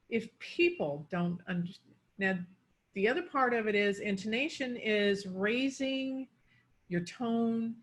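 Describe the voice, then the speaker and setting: A woman coaching pronunciation, explaining word stress and demonstrating it on example words. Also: mid-range voice.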